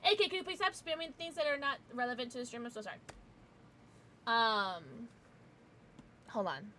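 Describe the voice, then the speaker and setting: A woman streamer talking to her chat in a loose, chatty way, with a fairly high voice that swings up and down a lot. She swears freely and calls out viewers by name. There is a faint hiss of noise behind her. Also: expressive, moderate pace, pushed and bright. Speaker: game streamer. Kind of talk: casual livestream chat.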